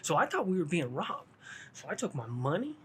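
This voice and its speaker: A man's voice: a little high, huge pitch swings, brisk, a bit bright, a little hiss or hum. A middle-aged man telling a rambling story about his past, full of street slang and restarts. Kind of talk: casual storytelling.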